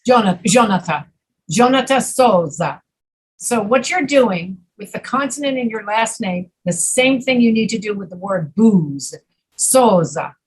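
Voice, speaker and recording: A woman teaching an English pronunciation class, patiently repeating words slowly to demonstrate sounds. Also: medium pitch, lively intonation, breathy edge, rough recording. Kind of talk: online pronunciation lesson.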